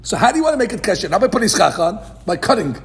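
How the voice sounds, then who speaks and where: Gravelly high-voiced man teaching Talmud. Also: rapid-fire. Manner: reads Aramaic text then explains in English; animated, asks and answers his own questions. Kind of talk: daily Talmud class. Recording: podcast recording of a live class.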